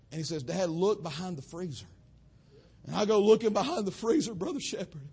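Young male pastor, husky and raspy, fiery preaching cadence. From western North Carolina. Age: young adult. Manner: preaching cadence, swelling to shouts then dropping low. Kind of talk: sermon.

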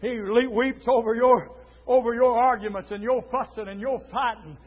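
A preacher man with a strikingly high, piercing voice, dropping low and quiet and then erupting into drawn-out shouts. The recording sounds dull and lo-fi, like an old church tape. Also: fairly even intonation. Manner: fiery preaching that swings from hushed to shouting, drawn-out words. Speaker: pastor. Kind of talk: sermon.

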